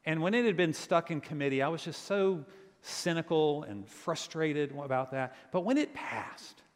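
Virginia pastor preaching in a big hall. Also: male voice, fairly high pitch, normal speed. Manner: storytelling with lively quoted voices. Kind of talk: sermon.

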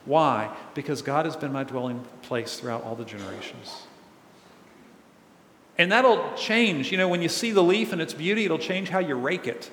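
This pastor's fairly high, somewhat bright voice carries expressively at a normal pace through a big church hall, where the sound rings with long reverb. He speaks earnestly and conversationally, questioning the congregation, with slight noise in the background.

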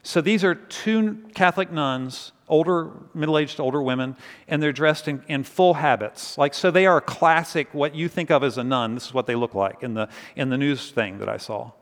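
A man preaching a sermon, telling a story in a conversational, animated way and then dropping to quiet intensity. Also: fairly high pitch, normal speed, big-room sound. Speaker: pastor.

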